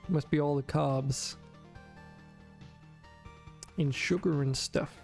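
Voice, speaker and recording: A man's voice: on the high side, fairly even intonation, slow, vocal fry, a little mellow, soft background music. A man casually talking through his gameplay on a stream, rambling, drowsy and self-correcting as he goes. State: yawning, sleepy.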